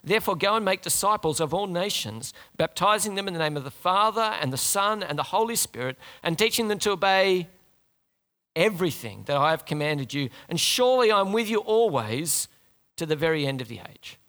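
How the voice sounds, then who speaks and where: A man's voice: sits high, lively intonation, brisk, fairly bright tone. A man preaching a sermon to his congregation in a conversational way, asking them questions and talking to them directly.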